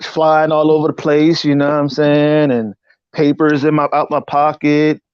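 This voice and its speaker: Animated man telling his story. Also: a little high, normal speed, clean tone, no echo, highs cut off. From United States. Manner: animated, often says "you know what I'm saying"; acts out voices in quotes. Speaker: interview guest telling a personal story. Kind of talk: casual spoken storytelling.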